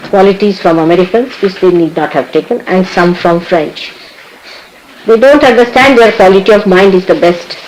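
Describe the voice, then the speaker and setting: A woman gives a spiritual talk, her pitch rising and falling in an animated way. She laughs often and teases her listeners while she scolds them. Her words sit over a faint background hiss. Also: poor audio. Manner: acts out other people's words. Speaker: spiritual teacher.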